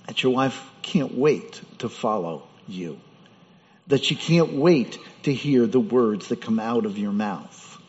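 Speaking at medium pitch with a slightly mellow tone, a pastor preaches in church in a conversational style, posing rhetorical questions. The recording has a dull sound and hall reverb.

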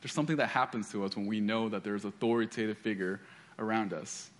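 This pastor preaches in a lowish voice at a quick clip, reading scripture aloud and telling stories that keep restarting.

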